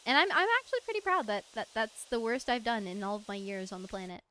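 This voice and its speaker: Chatty American woman streamer, slightly high voice, casual and giggly. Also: animated, moderate pace, fairly bright tone, smooth. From United States. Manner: chatty, rambling storyteller who laughs often. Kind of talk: casual stream chat while gaming.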